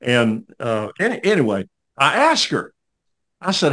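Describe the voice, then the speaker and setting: A man's voice: mid-range voice, wildly swooping pitch, a little slow, a bit bright. An older man hosting a podcast, telling a story in a folksy, rambling way with many fillers. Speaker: podcast host. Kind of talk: casual storytelling interview.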